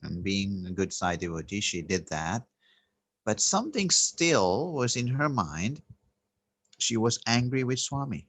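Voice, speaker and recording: A man giving a spiritual talk, telling a story in a gentle, reflective way with soft laughs and hesitant restarts. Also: lowish voice, very animated, unhurried, dry recording. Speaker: spiritual teacher.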